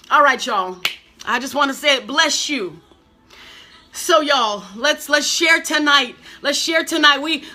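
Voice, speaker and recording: A woman's voice: high voice, bright, forceful tone. A woman preaching in a live-streamed teaching, fervent and emotional, repeating phrases for emphasis. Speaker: preacher teaching an online Bible study.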